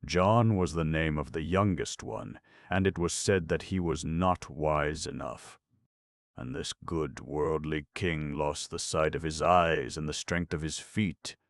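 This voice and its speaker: Deep raspy guy reading an old folk tale audiobook, steady, dry close mic. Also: measured pace, no echo. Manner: steady, plain reading with country dialect in the tales. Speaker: audiobook narrator.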